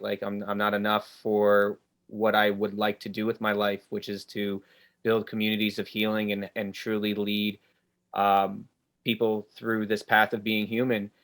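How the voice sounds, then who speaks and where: A man with a low, fairly flat voice hosts a spiritual ceremony over a video call. He speaks in an earnest, reflective way and reads the group's comments out loud. He keeps a steady, even delivery. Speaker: ceremony host.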